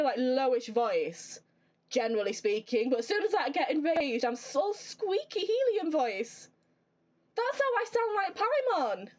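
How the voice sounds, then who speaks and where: A woman streamer giving live game commentary, animated and playfully exasperated. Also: high-pitched, muffled recording.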